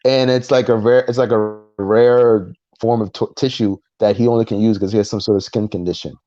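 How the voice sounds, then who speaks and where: A man co-hosting a casual podcast chat, recounting a story in an animated way and acting out the voices of the people in it. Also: on the low side, brisk, no echo, dull audio. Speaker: podcast co-host.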